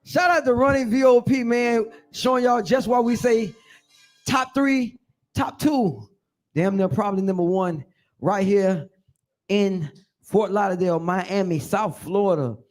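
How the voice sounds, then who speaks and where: A man hosting a live radio show, talking fast and hyped up as he gives slangy shout-outs. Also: high voice, faint music behind. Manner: excited, hype shout-outs in slangy talk.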